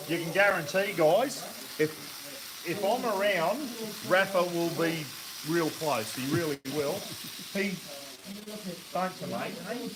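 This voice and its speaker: A man's voice: fairly high pitch, slow, long pauses. An Australian man hosting a casual outdoor live stream, matey and chatty while he cooks. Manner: chatty, matey, laughing easily. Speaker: host. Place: outdoor camp barbecue. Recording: crowd noise behind.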